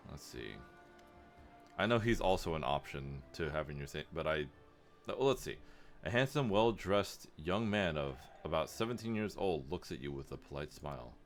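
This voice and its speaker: A man streaming a role-playing game, reading text aloud and reacting offhandedly, with swearing. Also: rumbling low. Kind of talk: casual gameplay commentary.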